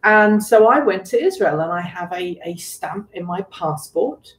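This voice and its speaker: A woman's voice: on the low side, expressive, a little slow. A British woman co-hosting a casual livestream chat, rambling and self-deprecating with frequent chuckles. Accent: British English. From Britain. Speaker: co-host of an electric car show. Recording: roomy echo.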